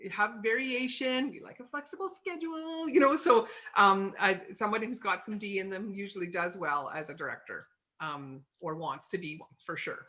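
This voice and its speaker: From her home office, a woman who works as a sales consultant gives an informal lesson on personality types, peppering her chatty delivery with fillers and asking "okay?" often. Her voice is mid-range and sharp-toned, with the highs cut off.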